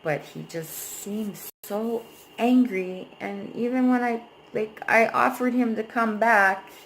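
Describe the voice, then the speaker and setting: A woman's voice: a little high, takes it slowly, slight background noise, low-quality recording. A young adult woman vlogger venting candidly about a relationship, frank and emotional, swearing freely.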